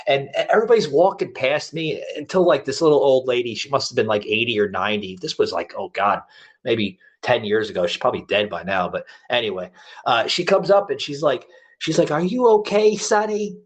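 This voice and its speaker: Middle-aged male podcast host, casual and rambling storyteller, medium pitch. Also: lively intonation, fairly quick. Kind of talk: casual chat.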